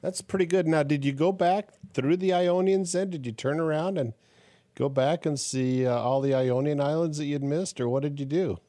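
A man's voice: fairly high pitch, moderate pace, dark tone. A man hosting an interview, asking a guest easygoing follow-up questions. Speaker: host.

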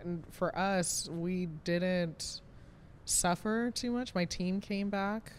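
A woman in her late twenties chats easily in an interview, her voice sitting a touch low. She fills her sentences with fillers and breaks into laughs at her own remarks. A faint hum of noise runs behind her. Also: takes it slowly. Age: 20s. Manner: chatty and self-deprecating, laughs often, many fillers. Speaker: vineyard manager. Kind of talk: casual interview conversation.

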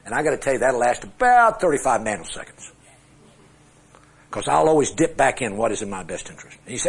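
Middle-aged male Bible teacher, husky, animated delivery, self-mocking humor, quizzes his class. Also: mid-range voice, a little fast. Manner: conversational, asks the class questions. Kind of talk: classroom Bible lecture with charts.

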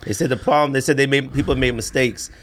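A man's voice: fast talker, slight background noise. A man co-hosting a podcast in casual chat, telling a story animatedly, acting out quotes and saying bruh and man a lot. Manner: animated storyteller, acts out quotes with big pitch jumps. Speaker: podcast co-host.

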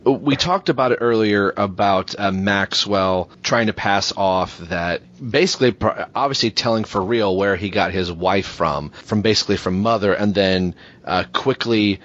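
A man's voice: lowish voice, moderate pace, fairly bright tone. A man co-hosting a podcast, casually thinking aloud and posing questions. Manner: thinking aloud, hesitant restarts. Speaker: podcast co-host. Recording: dull lo-fi audio.

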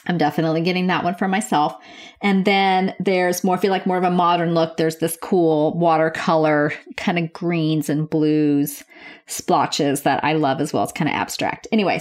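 An American nurse hosts her podcast from her home office, talking in a bright, gushing, conversational way. Her voice sits a little lower than most women's, and she moves quickly from one enthusiasm to the next. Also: steady tone. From United States. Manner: upbeat and chatty, gushing. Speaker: podcast host. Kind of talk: casual podcast chat.

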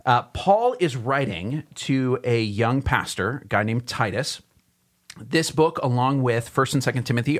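A man pastor hosting a Bible podcast, chatting casually, laughing easily and adding self-conscious asides while he explains the passage. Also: medium pitch. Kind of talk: casual chat and Bible teaching.

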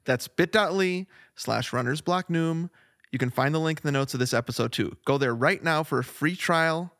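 His voice is fairly high and fairly bright, delivered at normal speed with a clean, dry studio sound. As co-host of a podcast made in a Flagstaff home studio, he laughs easily while reading ads and chatting about his week.

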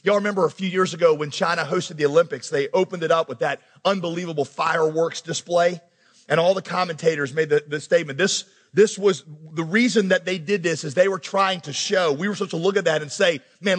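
A male pastor preaching a sermon, animated, acting out quoted characters as he goes. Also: a little high, fairly quick, long reverb tail.

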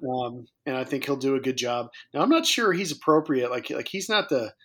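A man's voice: mid-range voice, fairly quick, a bit bright. Guy cohosting a chatty podcast, dry jokes, lots of ums. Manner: dry, joking asides with hesitant fillers. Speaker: podcast co-host. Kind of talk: casual chat about a dating show.

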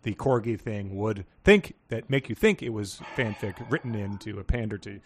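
A man co-hosting a podcast, reading passages aloud with lively, voiced dialogue and laughing often. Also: lowish voice, moderate pace, a crowd in the background. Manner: reads with animated voices for dog quotes, laughs often. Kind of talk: casual chat with read-aloud quiz passages.

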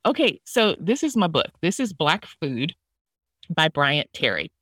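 A woman's voice: low-pitched, sing-song, a little slow, a bit bright, dry recording, clean studio sound. A woman taking part in a podcast discussion, speaking with enthusiasm. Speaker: podcast guest. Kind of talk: casual discussion.

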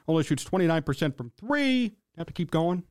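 A man's voice: on the high side, sing-song, fairly quick. A man hosting a sports talk show, ranting in an exasperated, sarcastic way and reading out chat comments.

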